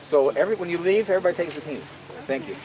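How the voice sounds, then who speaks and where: A man's voice: sits high, racing, crowd noise, low-quality recording. An older man giving a casual, enthusiastic tour of his garden and orchard outdoors, talking in a folksy way that stumbles and repeats words. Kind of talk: casual guided garden walk. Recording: outdoor field recording with steady background noise.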